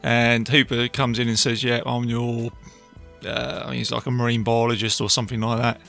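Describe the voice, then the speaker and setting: A man casually recapping a film, chatty and enthusiastic, tossing in quick impressions of lines. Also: mid-range voice, little pitch movement, creaky, a bit bright, soft background music. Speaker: film reviewer.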